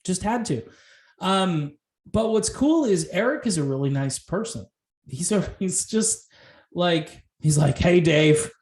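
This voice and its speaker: Chatty animated man in an echoey room. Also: high voice, a little slow. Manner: chatty and animated, laughing often, with frequent rhetorical asides. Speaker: host of a music commentary channel. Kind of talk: casual video commentary.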